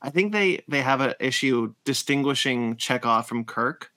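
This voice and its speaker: A man's voice: mid-range voice, lively intonation, moderate pace, bright, forceful tone. A man hosting a podcast, chatting enthusiastically about a comic book with frequent restarts. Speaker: podcast host. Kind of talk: casual podcast chat.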